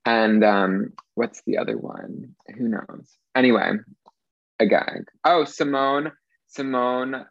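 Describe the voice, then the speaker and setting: A man's voice: medium pitch, slow, vocal fry, no room sound, muffled recording. A young man co-hosting a podcast in casual chat, rambling and losing his train of thought. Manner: rambling, trailing off mid-thought. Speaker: podcast co-host.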